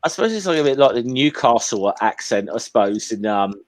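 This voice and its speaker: A man chatting casually, his pitch rising and falling in a lively way. He talks hesitantly, with repeated false starts, and apologises as he goes. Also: fairly quick. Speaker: guest on a casual online chat. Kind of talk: casual chat.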